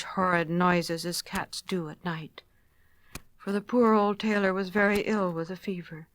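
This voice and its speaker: Brief: female storyteller, soft children's story reading, middle pitch. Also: slight background noise.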